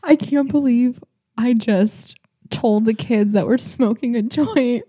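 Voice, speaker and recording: A woman co-hosting a podcast in casual chat, high and giggly, swearing and rambling as she talks. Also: slow, dark tone, husky, dry recording. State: high on marijuana. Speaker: podcast co-host.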